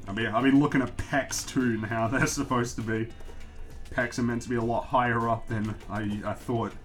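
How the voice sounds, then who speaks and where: A man's voice: mid-range voice, fairly even intonation, normal speed. An Australian man with an ordinary mid-range voice talks loosely through a drawing stream and answers chat as questions come in. He drifts off topic, makes fun of himself and laughs often. Faint music plays in the background. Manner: rambling and self-deprecating, laughs often. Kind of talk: casual livestream chat.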